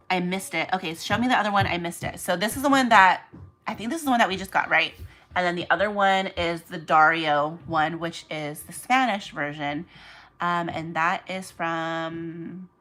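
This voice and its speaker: A woman's voice: fairly low pitch, moderate pace, pushed and bright, poor audio. A woman hosting a casual livestream as she packs orders, chatting and rambling off on tangents while talking to her viewers by name. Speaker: online reseller livestream host.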